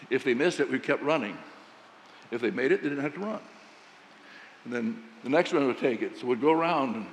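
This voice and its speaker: A man preaching a sermon, telling a folksy story about coaching and quoting himself with animated emphasis. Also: medium pitch, big-room sound, slight background noise.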